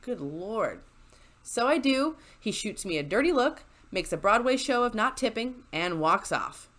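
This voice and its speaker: A woman's voice: fairly high pitch, big pitch swings, normal speed, fairly bright tone. Chatty woman with sarcastic asides. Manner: chatty, sarcastic, laughs often. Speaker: YouTuber reading stories. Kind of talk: storytelling with asides. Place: home desk with squeaky chair. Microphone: desk microphone.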